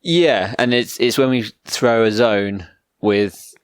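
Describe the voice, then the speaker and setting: A man's voice: medium pitch, takes it slowly, clear, resonant tone, dry recording. A man co-hosting a podcast in casual chat, dropping dry, laid-back quips. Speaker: podcast co-host.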